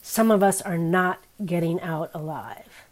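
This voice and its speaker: A woman in her fifties preaches a little slowly, keeping things candid, wry, and chatty. Both her pitch and her volume swing over a wide range.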